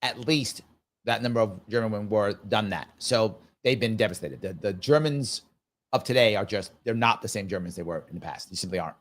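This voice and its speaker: Fifties guy on a live stream reading chat comments, chatty, thinks out loud and repeats himself. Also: on the low side, fairly quick. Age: 50s. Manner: casual, musing, repeats phrases. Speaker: show host.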